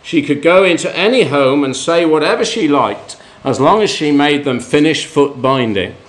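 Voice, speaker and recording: A man preaching a sermon, telling life stories, rising for emphasis and dropping low at the end of each point. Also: lively intonation, normal speed.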